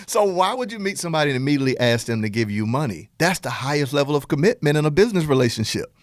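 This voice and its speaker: A middle-aged man with a Southern US accent, hosting a podcast and giving an energetic motivational business talk in a playful, animated way. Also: on the high side, racing, no echo, clean studio sound. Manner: animated, playful, acts out dialogue in quotes. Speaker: podcast host and business coach.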